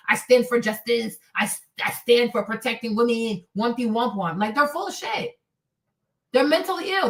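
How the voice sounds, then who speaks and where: A woman's voice: high voice, a bit bright, distant mic. A woman hosting a live stream, giving emphatic ranting commentary and repeating points for effect. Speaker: streamer host.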